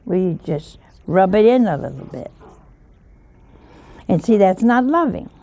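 A woman's voice: mid-range voice, big pitch swings, unhurried, warm tone. A woman giving an informal sermon in a folksy way, often asking her listeners rhetorical questions. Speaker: religious teacher.

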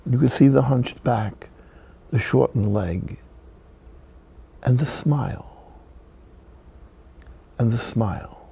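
A male priest telling stories in a broadcast sermon, slow and deliberate, dropping to a hush for emphasis. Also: medium pitch, gravelly, slightly rough.

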